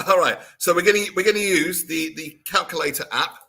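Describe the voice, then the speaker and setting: A man's voice: sits high, fairly quick, gravelly, bright, forceful tone, slightly rough. A man co-hosting a radio show, playful as he sets up a magic trick. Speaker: radio co-host. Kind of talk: casual radio banter. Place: radio studio.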